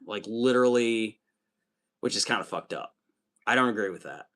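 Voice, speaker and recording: A man's voice: on the low side, normal speed, pauses often, fairly bright tone. A man hosting a livestream, chatting casually with viewers while building miniatures, rambling and swearing often. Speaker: livestream host.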